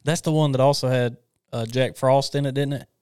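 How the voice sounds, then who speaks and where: A man co-hosting a casual podcast, running a game where he reads lines in a flat monotone and laughs often. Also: mid-range voice, fairly quick, clean tone, dry recording, clean studio sound. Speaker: podcast co-host.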